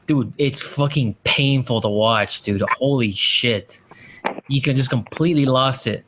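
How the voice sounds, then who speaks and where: Male podcast host, loose and profane, keeps restarting his sentences, medium pitch. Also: unhurried, noisy background. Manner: profane, rambling with many restarts. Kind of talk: casual chat.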